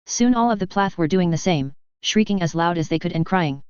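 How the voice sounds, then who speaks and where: A woman narrating a science fiction story in a steady, even reading. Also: fairly low pitch, brisk, smooth, dry recording. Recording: slightly dull close recording.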